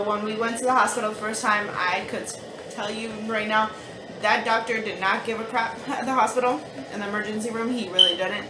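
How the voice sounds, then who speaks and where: A young woman telling a personal story in casual chat, animated and quick to act out what others said. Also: medium pitch, background noise. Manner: chatty, animated, acts out quotes. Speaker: vlog co-host, mother. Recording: echoey room with music behind.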